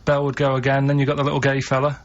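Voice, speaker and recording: A man's voice: medium pitch, monotone, very fast. A man with a Manchester accent, a regular on a radio show, telling rambling stories in casual chat. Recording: dull lo-fi radio recording with background noise.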